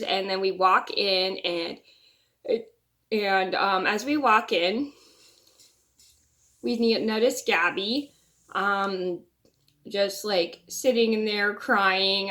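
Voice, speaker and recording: A woman's voice: medium pitch, bright, forceful tone. A young woman vlogger telling a personal story in a casual, rambling way, often restarting and repeating words.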